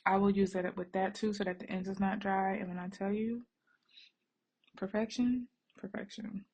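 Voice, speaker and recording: A woman's voice: medium pitch, completely flat delivery, fast talker, darkish tone, breathy edge, highs cut off. A woman vlogging at home while she braids her daughter's hair, chatting to viewers in a rambling, easygoing way and calling them y'all. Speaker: vlogger and mother. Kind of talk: casual chat to viewers. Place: home, working on a bed.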